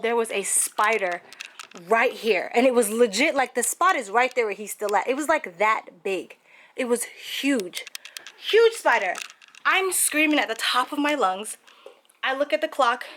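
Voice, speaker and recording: A young woman vlogging from her apartment, telling a story in a casual, animated way with lots of "like" fillers. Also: a little high. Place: apartment, indoors.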